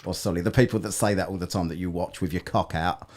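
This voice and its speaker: A man's voice: low voice, steady tone, fast talker, darkish tone, slight background noise. A man from Essex hosting a live debate, sarcastic and blunt, swearing freely. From Essex, England. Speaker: show host. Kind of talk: heated online debate.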